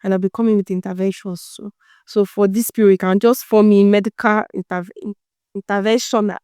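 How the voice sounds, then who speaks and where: A woman's voice: medium pitch, steady tone, brisk, dark tone, clean tone, no room sound, studio quality. A woman hosting a motivational self-help talk, preachy and teasing, full of rhetorical questions. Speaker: self-help podcast host.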